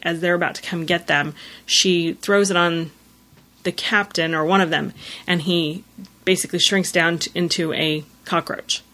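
A woman's voice: fairly low pitch, fairly bright tone. A woman hosting a show, casually recapping a TV episode scene by scene with many "you know" fillers.

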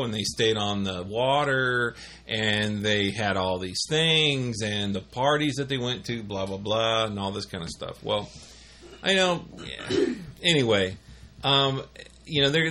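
A man's voice: medium pitch, bright, forceful tone. A middle-aged man casually telling rambling office stories, full of fillers and restarts. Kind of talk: casual storytelling chat.

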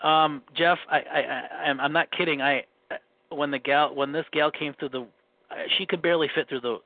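A man's voice: fairly high pitch, fairly even intonation, moderate pace, dry recording. Rambling Minnesota man on a tinny phone line. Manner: rambling storyteller, repeats himself, frequent restarts. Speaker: guest telling dating stories. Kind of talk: casual phone chat.

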